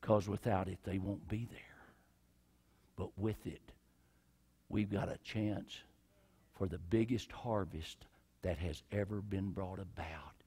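A male pastor voicing Jesus as a resolute man, speaking low and hushed, sliding into a whisper. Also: fairly even intonation, slow pace, long pauses, slightly rough, heavily acted. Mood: solemn resolve. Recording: reverberant church hall.

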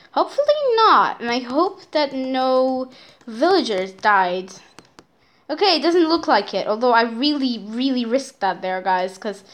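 High, lively woman gaming commentator. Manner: excitable, dramatic, often addresses viewers as guys. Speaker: channel host playing a survival game. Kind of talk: let's-play game commentary.

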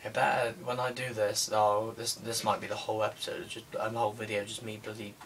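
A man's voice: fairly low pitch, little pitch movement, quick pace, fairly bright tone, a little hiss or hum. A young man commenting on a game he is playing, muttering and grumbling in an unenthusiastic way. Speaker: gaming video creator. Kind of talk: casual gameplay commentary. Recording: distant mic with music behind.

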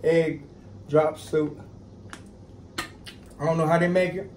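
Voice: little pitch movement, takes it slowly, a little mellow. A person joking and bantering over a shared meal, teasing with a bouncy voice. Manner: teasing, jumps high when joking. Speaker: co-host at the meal. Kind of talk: playful banter while eating. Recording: echoey, distant mic with faint noise.

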